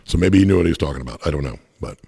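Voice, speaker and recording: A man with a very low, husky voice trades quick, dry jokes in casual conversation. His words carry a long, hall-like reverb. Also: animated, warm tone. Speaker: podcast co-host. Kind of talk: casual chat.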